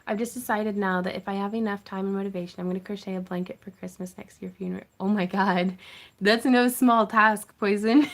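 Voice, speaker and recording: A woman's voice: mid-range voice, steady tone, fairly quick. A woman hosting a casual craft livestream, chatting to viewers in a gushing, effusive way and laughing often. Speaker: craft channel host.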